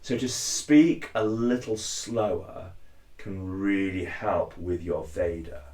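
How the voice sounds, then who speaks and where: Casting: chatty man walking through a tutorial, slightly low pitch, roomy echo. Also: slow, a little mellow. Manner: chatty, drops into deep impressions of lines. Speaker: cosplayer giving a tutorial. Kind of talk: casual spoken tutorial. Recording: echoey room.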